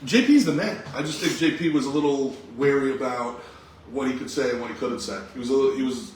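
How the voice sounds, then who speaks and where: A man, a comedian, telling an animated road story and acting out the people in it. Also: mid-range voice, fast talker, echoey room, slight background noise, rough recording. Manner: animated, acts out other voices in the story.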